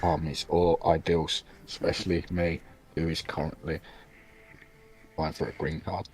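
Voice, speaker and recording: A British man co-hosting a podcast in casual chat, halting and full of ums and restarts. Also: rumbling low, level tone, darkish tone, soft background music, rough recording. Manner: hesitant, lots of ums and restarts. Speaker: podcast co-host.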